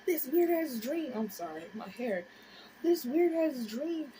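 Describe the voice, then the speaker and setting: A woman in her twenties tells a story on her vlog, animated and profane, dropping into whispers and rising into shrieks. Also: sits high, slow pace, background noise. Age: 20s. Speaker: vlogger.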